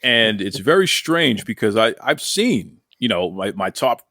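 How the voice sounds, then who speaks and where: A man's voice: fairly low pitch, big pitch swings, unhurried, pushed and bright, no room sound, studio quality. A man hosting a wrestling interview show, asking questions in a playful, teasing way. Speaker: podcast host.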